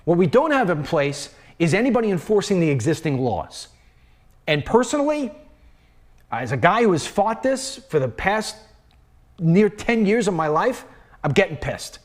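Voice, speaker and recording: A man's voice: sits high, very animated, moderate pace. A man hosting his own online show, delivering an emphatic, heated political commentary monologue and repeating phrases for emphasis.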